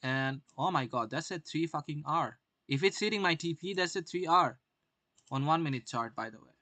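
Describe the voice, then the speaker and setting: A man's voice: a little high, expressive, moderate pace, sharp tone, no room sound. A young man doing live-stream market commentary, brash, swearing often and firing rhetorical questions at his viewers.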